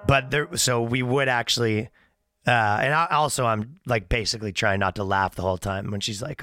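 Bright-voiced rambling man telling a story. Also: mid-range voice. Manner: rambling, halting, laughs at his own story. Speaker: comedian guest. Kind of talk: casual storytelling on a podcast.

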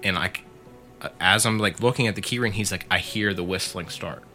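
Speaking fairly quickly, a man co-hosting a podcast spins a lengthy tale for his friends in a crisp, forceful, fairly low voice. He keeps it casual, peppering the retelling with "like" and "he said," while faint music plays beneath.

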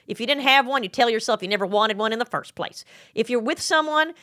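A middle-aged woman hosting a casual interview chat, blunt and profane with quick asides. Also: on the high side, animated, bright, forceful tone. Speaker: podcast host.

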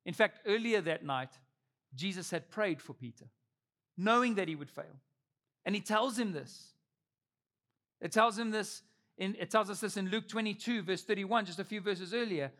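Animated, bright-voiced male pastor. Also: high voice, moderate pace, long pauses. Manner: animated storytelling, acts out quotes. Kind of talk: sermon.

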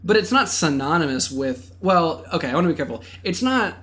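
A man's voice: fairly high pitch, sing-song, brisk, a bit bright. A young man co-hosting a podcast in casual chat, playful, laughing often and rambling with restarts. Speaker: podcast co-host.

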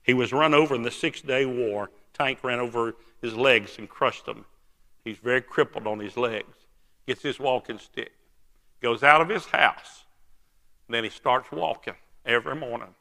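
A man's voice: mid-range voice, normal speed, vocal fry, bright, forceful tone. A man preaching a sermon, telling a story in an emphatic, folksy way. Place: church sanctuary. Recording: long church hall reverb.

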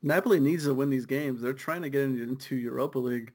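A man's voice: mid-range voice, a little mellow. Laid-back man on a soccer podcast. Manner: laid-back, quick riffing with laughs. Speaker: podcast co-host. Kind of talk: casual soccer chat.

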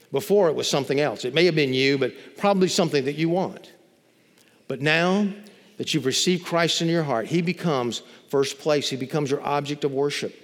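A male pastor with a medium-pitched voice preaches a sermon in a church sanctuary, and the sound carries like a big room. He draws out key words and builds to emphatic, repeated phrases with rising intensity.

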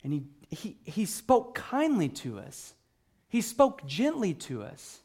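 A man with a high voice preaches a sermon in a loose, conversational way. He often restarts his sentences and uses fillers. Now and then he acts out an excited exchange between characters. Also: slow, breathy edge. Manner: acts out the disciples' excited questions. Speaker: pastor.

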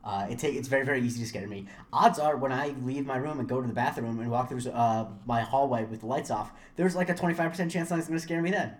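A young man co-hosting a podcast in casual chat. He rambles, restarts his sentences and gets animated when a story takes off. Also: mid-range voice, fast talker, hardly any pauses. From Florida. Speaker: podcast co-host.

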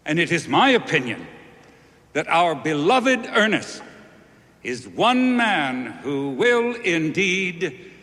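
Funeral minister: measured oratory, slightly high voice, hall echo. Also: male voice, very animated, sharp tone, exaggerated voice. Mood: solemn. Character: male minister giving a funeral eulogy. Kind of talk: solemn film eulogy. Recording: film clip with long reverb.

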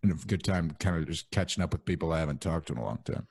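A young man hosting a podcast, chatting casually in a relaxed, rambling way with lots of fillers. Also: extremely low pitch, rapid-fire, creaky, slightly rough, dry recording. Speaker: podcast host.

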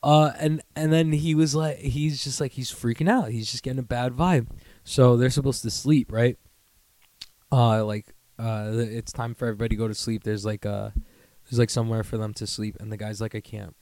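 A man's voice: medium pitch, steady tone, moderate pace, a little mellow, no room sound. A young man from the New York area hosting a podcast, telling a rambling, profane story in casual chat and laughing as he goes. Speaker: podcast host.

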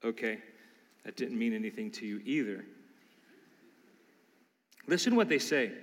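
A man's voice: mid-range voice, animated, normal speed, big-room sound. A man preaching a sermon, emphatic and questioning his listeners as he reads and explains scripture. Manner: emphatic, asks the congregation questions. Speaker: pastor.

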